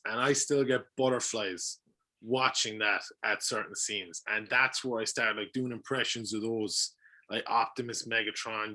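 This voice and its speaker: An Irish man, a voice actor on a podcast, chatting casually in an animated way, swearing freely and laughing often. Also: mid-range voice. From Ireland. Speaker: voice actor guest.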